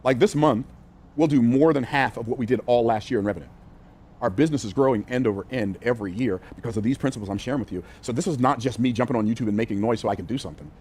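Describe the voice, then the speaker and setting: An older man teaching business sales from a whiteboard, energetic and conversational, repeating phrases for emphasis and using casual words like y'all and ain't. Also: medium pitch, fast talker, a little hiss or hum. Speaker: business coach.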